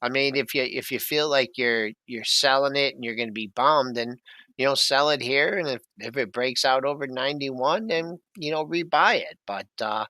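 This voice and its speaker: Bright-voiced man doing loose market talk. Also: medium pitch, dry recording. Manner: rambling, loose, full of price levels and asides. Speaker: co-host of a market talk show. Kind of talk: casual market commentary.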